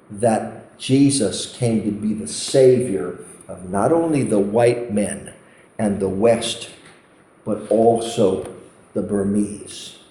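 A man's voice: fairly low pitch, mellow. A man preaching a sermon, telling a story with impassioned, pleading emphasis. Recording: roomy hall echo.

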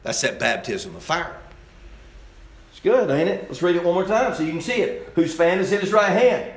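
A man's voice: high-pitched, animated, normal speed, reverberant. A man preaching a Baptist sermon in a folksy, emphatic way.

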